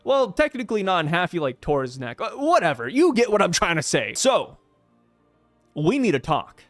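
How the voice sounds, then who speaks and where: A man hosting his own manga review videos, talking casually with excitable, slangy asides. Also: high-pitched, normal speed, no room sound, faint music behind. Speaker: manga review channel host.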